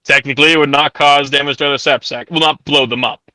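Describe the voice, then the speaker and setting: A bright, fairly high-voiced man runs a tabletop game in casual, filler-heavy talk. The sound is close and dry, as if from a desk mic on a voice call. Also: steady tone, fast talker, no echo, low-quality recording. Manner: casual, many ums and likes, laughs often. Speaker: game master.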